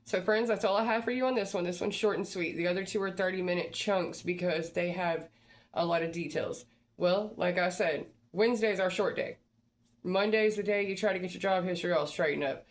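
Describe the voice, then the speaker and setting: A woman's voice: fairly low pitch, brisk. A woman hosting a motivational advice talk, coaching listeners in a direct, repetitive pep-talk manner. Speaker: job-search advice host.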